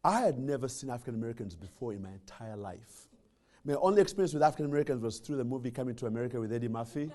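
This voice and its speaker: A man's voice: medium pitch, racing. A man from Uganda, giving a humorous motivational speech as a guest speaker and telling stories with jokes and frequent restarts. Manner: animated storytelling with jokes and repeated restarts.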